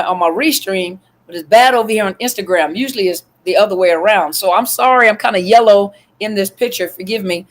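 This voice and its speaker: A woman talks casually into her phone on a livestream. She greets viewers one by one and keeps up a loose, chatty flow full of fillers. Her voice sits at an average pitch. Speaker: livestream host.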